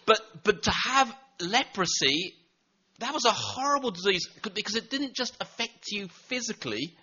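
A man preaches in a high, bright voice, earnest and prone to doubling his words as he restarts. The recording is dull and lo-fi. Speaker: pastor. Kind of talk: sermon.

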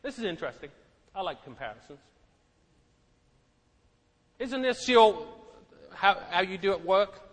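Middle-aged male preacher, high voice, emphatic, repeats himself; hall echo. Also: lively intonation, unhurried, long pauses, fairly bright tone. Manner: emphatic, repeats words, asks the congregation questions. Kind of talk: sermon. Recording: echoey hall.

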